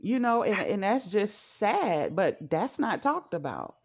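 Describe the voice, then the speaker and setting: A woman's voice: medium pitch, big pitch swings, unhurried, slightly rough. A woman chatting casually on a podcast, speaking reflectively and often restarting her sentences. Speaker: podcast co-host. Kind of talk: casual chat. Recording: dull lo-fi podcast audio.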